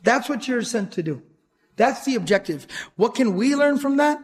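A man teaching an educational lecture series on the life of the Prophet, earnest and emphatic, repeating his key points and reciting Arabic verses quickly. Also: very high voice, lively intonation. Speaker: Islamic teacher.

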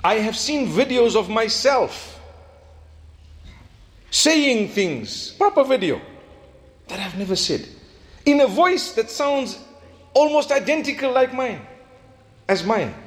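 A man's voice: very high voice, sing-song, takes it slowly, long pauses. A man speaking as an imam on a radio talk, earnest and reflective, asking rhetorical questions.

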